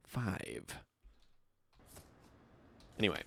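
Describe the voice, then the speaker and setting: A man's voice: fairly low pitch, measured pace, no room sound, clean studio sound. A man streaming a game, chatting casually and reading in-game notes aloud in a rambling way. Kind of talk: casual gameplay commentary.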